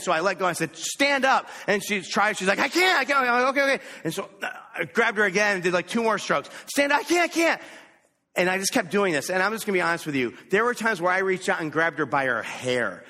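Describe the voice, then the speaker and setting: Bright-voiced male preacher telling a story. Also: sits high. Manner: animated, self-mocking anecdote. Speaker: pastor. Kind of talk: sermon storytelling. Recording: echoey hall.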